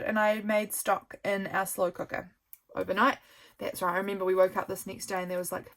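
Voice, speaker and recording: A young woman with a New Zealand accent, chatting casually and rambling as she flips through her journal, tired and yawning. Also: medium pitch. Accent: New Zealand English. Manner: chatty, rambling, warm asides to viewers. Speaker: journaling vlogger. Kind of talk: casual flip-through chat. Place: home.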